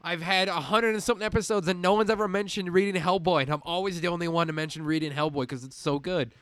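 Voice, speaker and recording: A man hosting a podcast, talking in a rambling, animated way with a faint Midwestern American accent over a video call. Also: high-pitched, fast, smooth, no room sound. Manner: animated, rambling, laughs often. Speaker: podcast host and voice actor. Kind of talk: casual chat.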